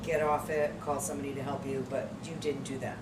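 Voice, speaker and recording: A woman's voice: very deep voice, little pitch movement, quick pace. A woman co-hosting a podcast in casual chat, teasing and chiming in with jokes and questions. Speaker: podcast co-host. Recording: echoey room, distant mic, loud noise.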